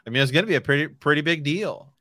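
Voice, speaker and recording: Bright-toned man, casual podcast co-host. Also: a little high, rapid-fire, dry recording, clean studio sound. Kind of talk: casual chat.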